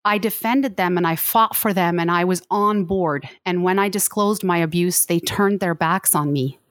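Earnest woman with a low voice. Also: moderate pace, no room sound, clean studio sound. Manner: earnest, pleading, speaks in long flowing runs. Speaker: podcast guest. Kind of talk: earnest interview conversation.

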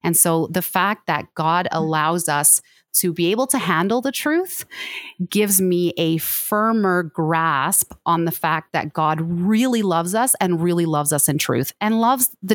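Earnest woman with a low voice. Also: no echo. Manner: earnest, pleading, speaks in long flowing runs. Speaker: podcast guest. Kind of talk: earnest interview conversation.

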